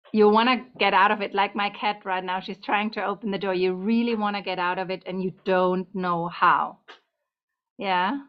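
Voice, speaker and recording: A woman's voice: medium pitch, smooth. A woman giving a casual tarot reading to camera at home, chatty and meandering, slightly out of breath. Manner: chatty, meandering, talks to her cat between points. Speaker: tarot reader. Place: home room. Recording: dull lo-fi sound.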